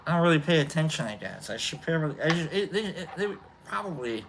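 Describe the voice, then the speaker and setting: A man hosting a casual chat show, talking in a rambling, halting way full of fillers and restarts. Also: fairly high pitch, lively intonation, fairly bright tone, a little hiss or hum. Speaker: host. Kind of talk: casual chat while smoking.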